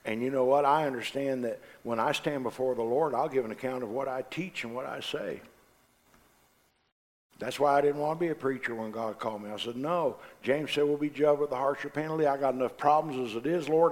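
A man preaching a sermon, passionate and forceful, dropping to quiet asides between loud declarations. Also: mid-range voice, fairly quick. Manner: impassioned, swings from loud to quiet.

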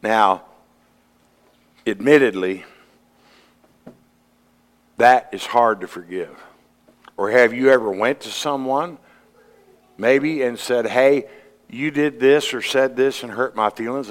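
A man preaching a sermon, earnest, climbing to emphatic peaks and then dropping low. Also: slow, pauses often. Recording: long hall reverb.

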